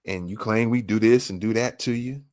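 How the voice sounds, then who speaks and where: A man's voice: lowish voice, fairly quick, a little mellow, dry recording, clean studio sound. Emphatic male podcast host. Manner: emphatic, piles up rhetorical questions. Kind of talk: commentary on a played clip.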